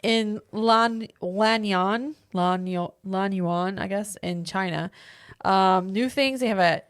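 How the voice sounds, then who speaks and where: A woman co-hosting a podcast, casually going through a list of food items, easygoing and quick to laugh. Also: mid-range voice, smooth, no echo, clean studio sound. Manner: easygoing, laughs often, reads from notes. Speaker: podcast co-host. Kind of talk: casual chat, reading out menu items.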